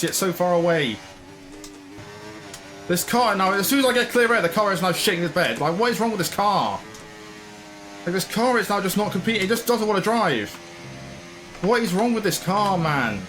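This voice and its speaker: High-voiced man ranting over a race game. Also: a bit bright, slight background noise. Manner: frustrated, ranting. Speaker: gaming channel host. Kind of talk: live game commentary.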